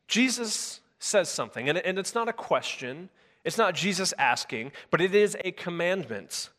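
A male pastor with a slightly high, fairly bright voice and big pitch swings preaches at normal speed. His sermon is conversational, full of filler words and restarted sentences, delivered in a church sanctuary to a live congregation with long hall reverb.

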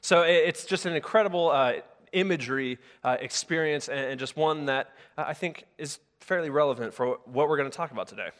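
A man's voice: a little high, fairly quick, fairly bright tone. A male pastor delivering a sermon in a conversational way, often restarting his sentences and using filler words. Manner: conversational with frequent filler words and self-corrections. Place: church sanctuary with a live congregation. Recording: long hall reverb.

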